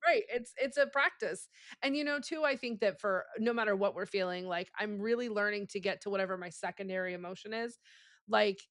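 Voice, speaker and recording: A woman's voice: mid-range voice, brisk, a bit bright, no echo, clean studio sound. A woman hosting a podcast, talking in an earnest, emphatic way and repeating words for stress. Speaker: podcast host. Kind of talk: casual conversation.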